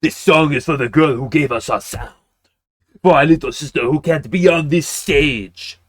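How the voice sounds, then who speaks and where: A man voicing a female band leader who rallies a crowd in a slow, stage-speech way, with faint music behind. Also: a little high, no room sound, lightly acted. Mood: rousing.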